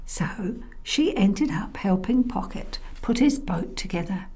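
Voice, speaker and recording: A woman storyteller narrating a children's tale, expressive and often dropping to a soft whisper. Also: mid-range voice, moderate pace. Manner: softly whispered in places, expressive.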